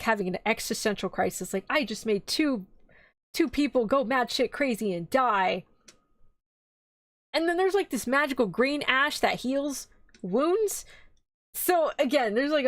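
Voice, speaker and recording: A young woman streamer casually retelling an anime plot, rambling and animated, briefly jumping into quoted voices and swearing now and then. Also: mid-range voice, dry recording.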